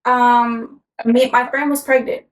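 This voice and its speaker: A woman's voice: fairly high pitch, level tone, slow pace, slight background noise, poor audio. Young woman telling a rambling story. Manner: rambling, swears freely, laughs through her story. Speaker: podcast co-host. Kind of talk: casual storytelling chat.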